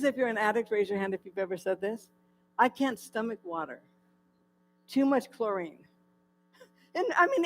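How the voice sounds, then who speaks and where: A woman giving a personal recovery testimony at a church, telling her story in a lively way, acting out the dialogue and often laughing. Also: on the high side, slight background noise, poor audio. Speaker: guest speaker at a church. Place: church hall.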